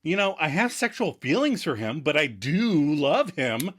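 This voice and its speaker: A man's voice: very animated, a little slow, a bit bright, slight background noise. A man voicing a flustered young woman in denial about her feelings, rambling in a raised voice. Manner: rambling, squeaky high pitch.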